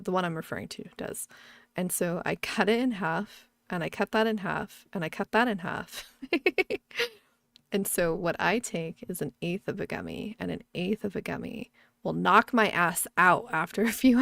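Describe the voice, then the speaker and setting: A woman's voice: on the low side, vocal fry, dry recording. A woman streamer chatting casually while gaming, rambling, laughing often and swearing freely.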